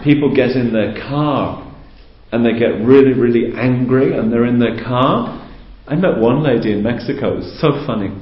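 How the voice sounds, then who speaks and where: A man giving a calm, conversational teaching talk to a group, explaining patiently and asking rhetorical questions. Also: medium pitch. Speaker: spiritual teacher. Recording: roomy, dull lo-fi recording.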